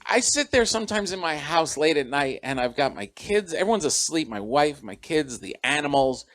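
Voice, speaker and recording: A man's voice: on the high side, big pitch swings, normal speed, a bit bright. A middle-aged man, a comedian guest, chatting in an interview and telling anecdotes where he acts out the voices of the people in them. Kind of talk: storytelling interview chat.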